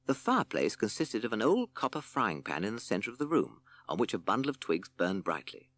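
A man narrating a children's storybook with expressive, playful storytelling. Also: low-pitched, no room sound.

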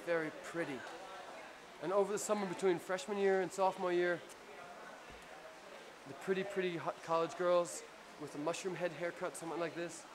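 A man with a New Jersey accent telling a rambling, profane story in a casual, animated way after a show. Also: high voice. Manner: profane, rambling, animated anecdote with acted-out quotes. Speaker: punk band frontman telling a story. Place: crowded club after a show. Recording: noisy live club recording.

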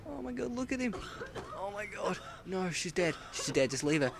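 A man's voice: high-pitched, big pitch swings, moderate pace, gravelly, background noise. A man commentating a horror game playthrough, jumpy and panicky, swearing and exclaiming often. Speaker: gameplay commentator. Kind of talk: let's play commentary.

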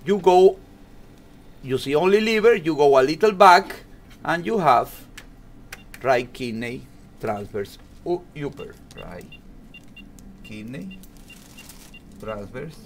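Guy teaching kidney ultrasound steps, slow and calm, slightly high voice, bit of hiss behind. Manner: calm, instructive, non-native English phrasing. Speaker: ultrasound instructor. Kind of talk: step-by-step medical demonstration.

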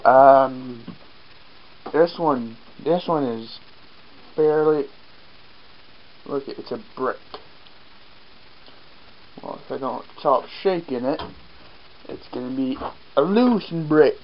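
On a farm in the rain, an Acadian man from New Brunswick with a French accent vlogs casually in a mid-range voice, speaking slowly with long pauses. He rambles, jokes at his own expense and swears offhand, and the recording is muffled with a bit of hiss or hum.

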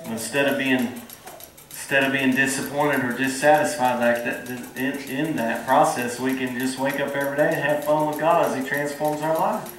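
A man's voice: medium pitch, flat delivery, normal speed, a bit bright. A man preaching a sermon in a folksy, earnest way and drawing responses from the congregation. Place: church hall. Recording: echoey hall from far off.

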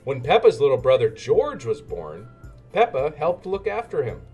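A man narrates a children's storybook with a sing-song delivery. His voice sits at a middle pitch and moves up and down a lot, with soft music playing under it. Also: huge pitch swings, normal speed, dull audio. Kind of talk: children's storybook read-aloud.

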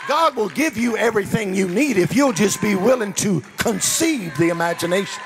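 Male pastor, emphatic shouting sermon, swooping delivery. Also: sits high, animated, moderate pace, few pauses, a crowd in the background, noisy background. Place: church sanctuary. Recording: reverberant church hall.

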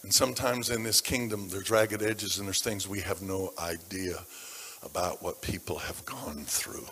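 Preacher with a bright voice in a reverberant hall. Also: male voice, low voice, fairly even intonation, moderate pace, a little hiss or hum. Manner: dramatic shifts between hushed and loud. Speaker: pastor. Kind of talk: sermon storytelling. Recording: long reverb of a large hall.

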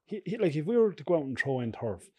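A man's voice: fairly high pitch, sing-song, quick pace, slightly rough, no echo, muffled recording. A middle-aged Irish man chatting as a guest on a podcast, rambling through anecdotes and chuckling often. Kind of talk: casual podcast chat.

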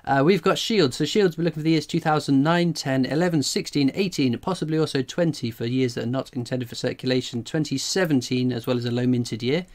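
A man's voice: mid-range voice, fairly quick, few pauses. A man hosting a casual coin-collecting livestream. He reads chat messages aloud and rambles in a jokey way, jittery from strong coffee. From England.

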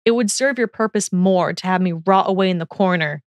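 A woman's voice: lowish voice, dry recording, clean studio sound, close to an everyday voice. A woman doing a sneering proud young wizard. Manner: snarling, slow, contemptuous.

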